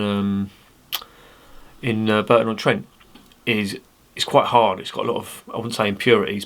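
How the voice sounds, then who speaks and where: Chatty man, low voice. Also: creaky, fairly bright tone. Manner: chatty, rambling, jokey asides. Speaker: beer reviewer. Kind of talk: casual beer review to camera.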